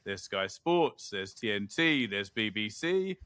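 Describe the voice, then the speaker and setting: A man's voice: lowish voice, very animated, unhurried, crowd noise. A man co-hosting a podcast, enthusiastic, often repeating words and restarting his sentences. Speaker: podcast co-host. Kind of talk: casual podcast conversation.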